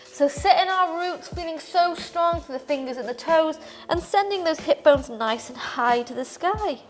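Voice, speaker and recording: High-voiced young woman guiding a yoga flow. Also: lively intonation, moderate pace, soft background music. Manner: upbeat, counts breaths aloud while moving through poses. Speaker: yoga instructor. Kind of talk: guided yoga class instruction.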